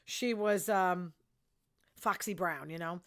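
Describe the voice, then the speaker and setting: An older woman hosting her own show, chatting bluntly about the news and her personal life and quickly getting outraged. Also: on the low side, fairly bright tone, clean tone. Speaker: show host. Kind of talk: casual news commentary.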